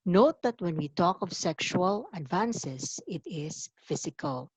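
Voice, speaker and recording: A woman giving a formal orientation lecture, deliberate and emphatic, stressing key words. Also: on the low side, animated, breathy edge, no echo, low-quality recording. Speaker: university anti-harassment office coordinator.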